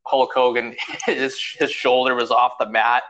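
A man's voice: mid-range voice, flat delivery, unhurried, a bit bright, poor audio. A young man hosting a podcast, rambling in casual chat, swearing often and packing his talk with fillers. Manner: rambling, profane, full of fillers. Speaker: podcast host.

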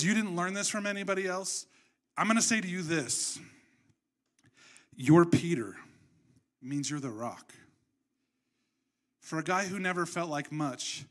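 A man preaching a sermon in an animated, conversational storytelling way. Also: a little high. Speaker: pastor.

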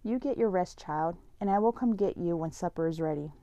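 A woman reading a story aloud, voicing a gentle, affectionate grandmother speaking soothingly. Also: fairly low pitch, brisk, dry recording, natural voice.

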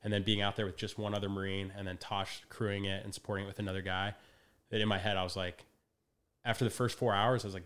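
Man, young adult, podcast guest, quick lively storyteller, slightly low voice. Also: clear, resonant tone. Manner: animated storyteller, acts out quotes, laughs often. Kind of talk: casual podcast conversation.

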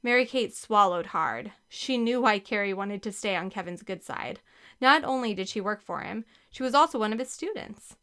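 Woman, audiobook narrator, children's storybook, lively, expressive, bright, smooth. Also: mid-range voice, moderate pace.

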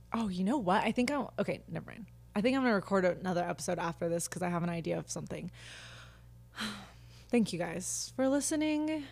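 A woman's voice: fairly low pitch, vocal fry, a little mellow. A woman in her twenties hosting her own podcast from her living room couch, chatting casually and ranting candidly with lots of fillers. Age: 20s. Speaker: podcast host. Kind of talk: casual solo podcast chat.

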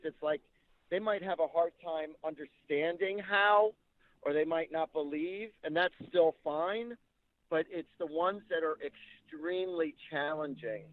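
A man's voice: fairly high pitch, no room sound. A man working as a psychic medium, telling stories in an interview and acting out the people he quotes. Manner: animated anecdotal storytelling, acts out quotes. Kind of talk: storytelling interview. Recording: tinny phone-like line.

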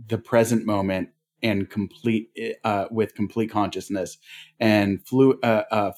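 A man with a lowish, darkish voice co-hosts a relaxed podcast conversation, rambling with lots of fillers and laughing readily. He has family ties to North Dakota.

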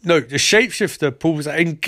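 A man's voice: on the high side, lively intonation, fairly quick, fairly bright tone. A man casually recapping a TV episode for laughs, rambling, swearing and correcting himself. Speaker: comedic recapper.

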